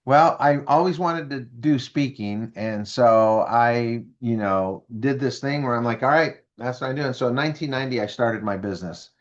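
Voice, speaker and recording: A man's voice: mid-range voice, moderate pace, few pauses, dull audio. A man in his fifties, a business speaker as interview guest, telling stories and acting out the voices of people he quotes. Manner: animated, acts out quoted voices. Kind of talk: interview storytelling.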